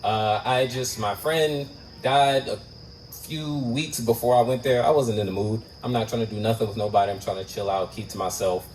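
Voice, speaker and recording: A man doing stand-up at an open mic, telling a story in a conversational, self-mocking way that jumps into loud, high exclamations. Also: fairly even intonation, moderate pace, recorded from a distance, a little hiss or hum, low-quality recording. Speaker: stand-up comedian. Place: open mic night venue.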